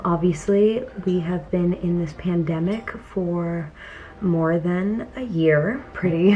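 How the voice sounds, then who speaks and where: A young woman chats casually to her camera at home, easygoing and quick to laugh. Her voice sits a little low for a woman and now and then sinks to a soft murmur, with a faint hiss in the background. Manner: chatty, laughs often, trails off into soft murmurs. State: teary from crying. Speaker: vlogger. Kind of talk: casual vlog chat. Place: home, indoors.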